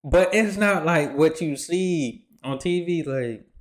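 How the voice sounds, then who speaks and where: A man hosting a reaction video, talking in a relaxed, slangy, loose way. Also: fairly high pitch, slow. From Texas, USA. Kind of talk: casual reaction commentary.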